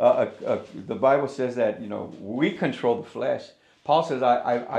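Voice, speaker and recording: A man's voice: medium pitch, vocal fry, a little mellow, roomy sound. A middle-aged male pastor preaching conversationally, acting out inner dialogues and often repeating words as he restarts. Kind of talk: sermon.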